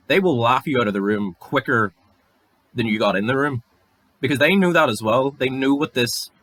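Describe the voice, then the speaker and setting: A man's voice: medium pitch, no room sound. A young Northern Irish man ranting alone on his podcast, sarcastic and sweary, his voice climbing when he gets heated. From Northern Ireland. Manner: angry, sweary, sarcastic, rising to near shouts. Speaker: podcast host. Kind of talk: solo rant.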